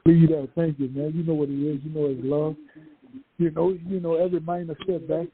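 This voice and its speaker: A man's voice: on the high side, little pitch movement, fairly quick, a little hiss or hum. A man with a New Orleans accent, a radio guest talking casually in street slang. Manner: warm street talk, asks "you heard me". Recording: tinny phone line.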